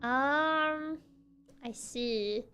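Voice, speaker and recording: A woman's voice: sits high, drawn-out words, sharp tone, soft background music. A woman streamer giving casual gameplay commentary, giggling often and thinking aloud as she works out a puzzle.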